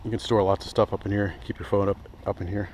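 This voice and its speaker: Standing by his hammock in the trees, this outdoor gear reviewer talks fast in a low, darkish voice with a level tone. He's enthusiastic and rambling, breaking off mid-sentence as he demos his setup for a casual vlog. A little hiss or hum runs under the rough recording.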